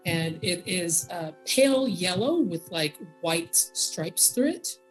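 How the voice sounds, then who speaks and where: A woman narrating as the game master of a tabletop game, relaxed, with fillers. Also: fairly low pitch, takes it slowly, faint music behind, poor audio.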